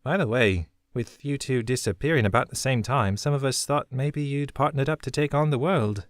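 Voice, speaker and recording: A man's voice: medium pitch, normal speed, no room sound, studio quality, voice pushed up, natural voice. A man voicing a shrewd, wry young woman smuggler who talks in a chipper, blunt way.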